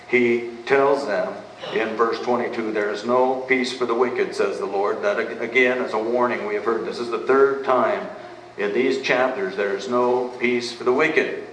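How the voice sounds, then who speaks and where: A pastor in the middle of a sermon, his voice sitting somewhat low. He drives points home with questions he answers himself. The recording catches him from a distance in a reverberant church, with a faint hiss underneath. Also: fairly even intonation, normal speed, a bit bright. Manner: emphatic, asks and answers rhetorical questions. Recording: echoey room, mic at a distance, faint background noise.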